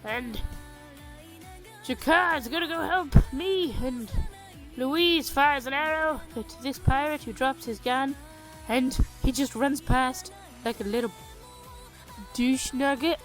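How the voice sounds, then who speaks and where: High-voiced young woman telling a game story. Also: takes it slowly, pauses often, fairly bright tone, soft background music. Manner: rambling, self-mocking, crude jokes. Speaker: storyteller recounting a tabletop game. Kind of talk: casual narrated storytelling. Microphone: cheap home microphone.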